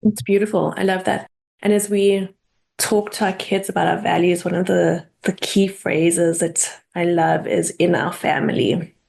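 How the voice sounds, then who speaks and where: A woman hosting a podcast interview, responding warmly and affirming her guest. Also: lowish voice, steady tone, measured pace, gravelly. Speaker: podcast host.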